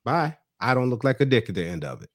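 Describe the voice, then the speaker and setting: Male podcast co-host, casual and animated, acts out quotes in other voices. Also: fairly low pitch, very fast. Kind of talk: casual chat recapping a reality show.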